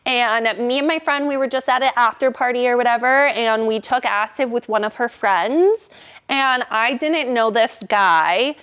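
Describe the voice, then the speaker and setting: A young woman with a somewhat high voice tells a story in a fast, casual way. She fills her talk with "like" and swears freely. Her delivery is animated and chatty. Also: smooth. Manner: animated, profane, heavy use of "like".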